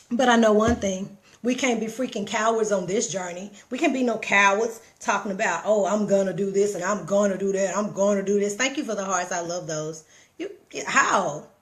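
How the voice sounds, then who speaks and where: Speaking into her phone on a live stream, a middle-aged woman with a medium-pitched, fairly bright voice gives a casual pep talk. She addresses her viewers directly, preaching emphatically and repeating herself.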